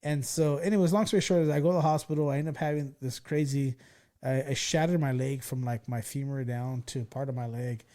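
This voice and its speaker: A man in his forties from California, hosting a podcast and telling stories in a loose, profane, excitable way. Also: mid-range voice, a little fast. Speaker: podcast host. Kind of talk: casual storytelling chat.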